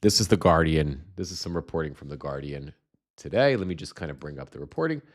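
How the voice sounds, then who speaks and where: Deep-voiced sarcastic man hosting a livestream. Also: expressive, fast talker. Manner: sarcastic, rambling with restarts. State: recovering from a cold, slight cough. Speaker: livestream host. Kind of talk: casual live political commentary.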